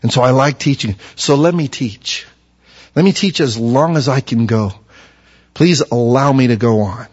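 A man's voice: mid-range voice, normal speed. A man preaching a sermon, reading scripture aloud and building to fervent emphasis. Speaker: pastor. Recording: dull lo-fi recording.

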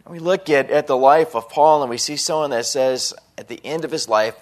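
Male pastor, earnest sermon delivery, mid-pitched voice, stumbles on repeated words. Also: normal speed, few pauses. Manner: earnest, repeats words when starting phrases.

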